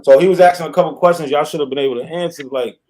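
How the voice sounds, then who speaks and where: A man in a group discussion, calmly explaining a point to the others. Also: a little high, racing, poor audio.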